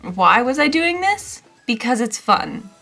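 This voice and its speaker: A young woman chats about a book in a relaxed, rambling way. Her voice is bright and forward, with ums filling the gaps. Soft music plays faintly behind her. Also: a little high, unhurried. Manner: chatty, rambling, with frequent ums. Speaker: book reviewer. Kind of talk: casual chat.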